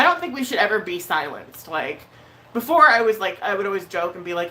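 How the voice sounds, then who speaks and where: A woman with a bright, forceful voice talks to her live-stream viewers in a blunt, heated way. She swears freely and hesitates on fillers as she speaks. A faint noise sits behind her. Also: lowish voice, animated, moderate pace. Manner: emotional, hesitant with many fillers. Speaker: vlogger. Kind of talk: casual live-stream chat.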